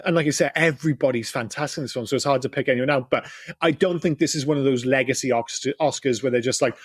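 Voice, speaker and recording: Fast-talking husky man chatting. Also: medium pitch. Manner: swears freely, animated and chatty. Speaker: podcast co-host. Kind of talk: casual chat.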